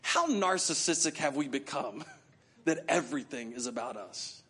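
A male pastor preaching a sermon with passion, acting out prayers in quick repeated bursts. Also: mid-range voice, animated, fairly bright tone, breathy edge.

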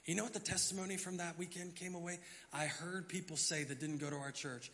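A middle-aged man preaching from the pulpit, telling a story with lively acted-out moments. His voice is fairly high and forceful. The sound rings with the long reverb of a church hall. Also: fairly quick, a little hiss or hum. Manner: animated storyteller, acts out his own panicked thoughts. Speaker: pastor. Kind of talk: sermon storytelling. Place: church sanctuary.

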